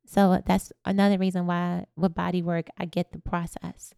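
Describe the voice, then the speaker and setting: Woman guest, warm gravelly storyteller, lively, dry close sound. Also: on the low side, normal speed, dry recording. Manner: animated, laughs while telling stories. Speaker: podcast guest. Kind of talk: personal storytelling in conversation.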